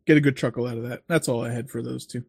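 A man's voice: mid-range voice, steady tone, very fast, vocal fry, darkish tone, husky, no echo, studio quality. A man co-hosting a podcast in casual chat, loose and chuckling, with lots of fillers. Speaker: podcast co-host.

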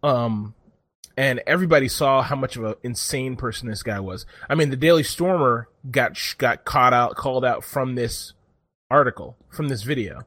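A man's voice: mid-range voice, normal speed, no echo. Swearing, rambling man on a dry mic. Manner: profane, rambling, animated storytelling. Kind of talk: casual chat.

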